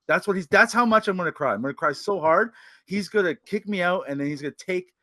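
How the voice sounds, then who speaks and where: A man's voice: high-pitched, quick pace, pushed and bright. A man joking as a guest on a podcast, talking animatedly with playful exaggeration. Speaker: guest comedian. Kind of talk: casual podcast chat.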